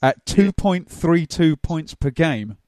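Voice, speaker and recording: A man's voice: fairly high pitch, animated, slow, darkish tone, no echo, clean studio sound. A man from England co-hosting a casual football podcast, telling anecdotes with easy laughter. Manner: chatty storyteller, laughs through anecdotes. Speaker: podcast co-host.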